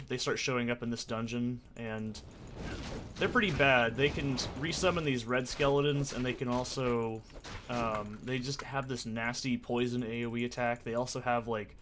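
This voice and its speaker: A man's voice: medium pitch, a bit bright, a little hiss or hum. A young man ranting and swearing through casual commentary on his gameplay, with sarcastic asides. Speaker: let's play host.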